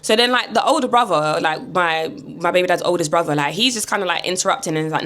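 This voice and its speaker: A woman's voice: fairly low pitch, quick pace, fairly bright tone. A young woman with a British English accent, telling a story in a chatty, slang-heavy vlog style full of fillers. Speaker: vlogger.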